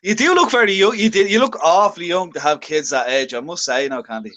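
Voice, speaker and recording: A man with a Dublin Irish accent talks as a guest on a casual online chat. His voice sits a little higher than usual for a man, and he is chatty and likes to tease. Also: expressive, fast, a bit bright. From Ireland. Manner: chatty, teasing.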